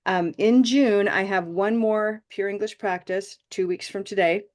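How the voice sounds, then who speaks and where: A woman leads an online pronunciation class, speaking through a video call mic. She praises her students warmly and stretches out vowel sounds so they can copy them. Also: medium pitch, fairly even intonation. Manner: encouraging, models vowel sounds slowly. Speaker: pronunciation teacher.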